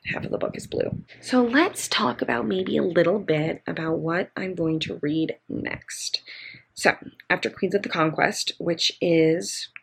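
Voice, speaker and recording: A woman's voice: low-pitched, vocal fry, noisy background. Chatty young woman book vlogger. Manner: chatty and gushing, lots of "really" and "like". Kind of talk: casual reading vlog.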